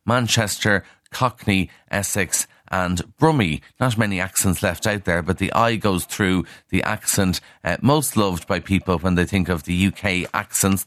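Deep-voiced male radio presenter. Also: fairly bright tone, dry recording, studio quality. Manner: conversational, frank, with fillers and asides. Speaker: radio presenter reviewing newspapers. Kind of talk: casual radio newspaper review. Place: radio studio.

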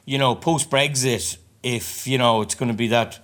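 A man's voice: mid-range voice, steady tone, moderate pace, fairly bright tone. A man chatting casually as a panelist, making joking remarks and laughing at his own punchlines. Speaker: podcast panelist. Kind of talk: casual chat.

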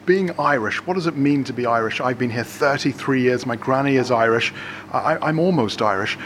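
A man's voice: medium pitch, a little fast, fairly bright tone, slight background noise. A man working as a radio reporter, asking conversational interview questions in a chatty, light-hearted way.

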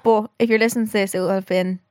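A woman's voice: medium pitch, fairly even intonation, racing, darkish tone, clear, resonant tone, dry recording, studio quality. A young woman co-hosting a podcast in casual chat, chatty and laughing often. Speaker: podcast co-host.

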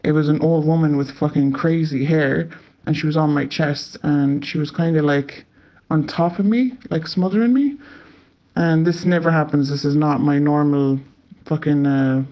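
A young Irish man tells a story in a loose, chatty way, dropping swear words and "like" all through. His voice sits a touch higher than most men's. The recording is a bit dull and muffled. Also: normal speed. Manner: chatty, swears often, many filler "like"s. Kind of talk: casual spoken storytelling. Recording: slightly muffled lo-fi audio.

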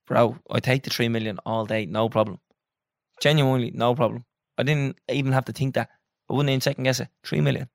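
Fast-talking young Irish man. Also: medium pitch, fairly even intonation, gravelly, no echo, clean studio sound. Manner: quick, teasing, laughs often. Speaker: podcast co-host. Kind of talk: casual banter.

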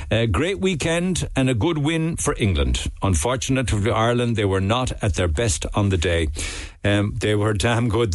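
A man's voice: on the low side, no room sound. A man with a Cork accent hosting a phone-in radio talk show, chatty and easygoing as he reads out listeners' texts. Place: radio studio.

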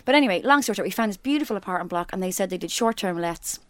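A woman co-hosting a podcast, telling lively anecdotes in a casual chat and laughing often. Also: mid-range voice, racing, no room sound. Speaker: podcast co-host.

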